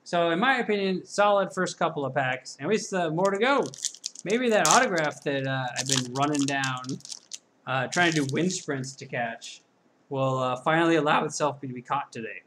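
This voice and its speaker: Guy opening card packs alone in the corner of his room, kinda high voice, chatty and joking at himself. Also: expressive, normal speed, fairly bright tone, a little hiss or hum. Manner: self-deprecating, chatty, reading off names. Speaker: card-breaking channel host. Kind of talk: casual solo pack-opening commentary.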